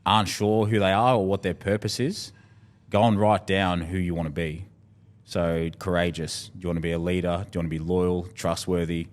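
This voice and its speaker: An Australian man speaking as a podcast guest in casual conversation, candid and heartfelt, swearing freely. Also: sits low.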